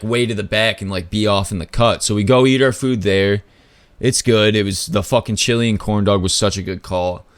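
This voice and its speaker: A man hosting a podcast, telling a story in a loose, casual way, full of "like" and swearing, with sudden pitch jumps when he acts out other people. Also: no room sound. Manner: loose, filler-heavy talk with lots of "like" and swearing. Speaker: podcast host.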